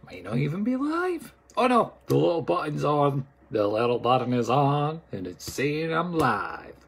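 Scottish guy chatting on a live stream, playful, greets folks by name, bit husky. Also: a little high, very animated, a little slow, fairly bright tone. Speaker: psychic medium hosting a live stream. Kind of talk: casual live-stream chat.

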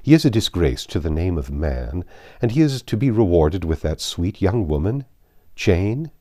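A man reading a grave older gentleman's lines in a classic novel, speaking in a heartfelt way. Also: low-pitched, very animated, moderate pace, dry recording, studio quality.

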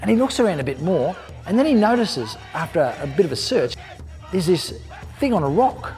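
A man tells a parable in a chatty, emphatic way, his voice sitting a little high. The sound carries a long hall reverb with faint music underneath. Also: very animated, brisk, a little mellow. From Australia. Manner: conversational, emphatic storytelling. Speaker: storyteller, speaker. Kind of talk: told parable for an educational talk.

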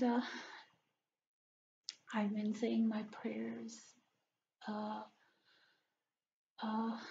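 A woman speaking in a personal video diary, earnest and halting, pausing often between phrases. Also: a little high, gravelly, a little mellow, dull audio, a little hiss or hum. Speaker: vlogger.

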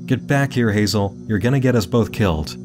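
A man's voice: on the low side, brisk, over music, voice pushed up, lightly acted. A man voicing a frightened young adventurer in a read-aloud story, talking in a raised, urgent and alarmed voice.

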